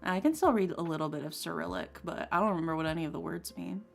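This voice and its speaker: A young woman streams while drawing, chatting casually and rambling through a story full of "like" and "um." Her voice is low-ish, fast, and creaky, with soft lo-fi music behind her.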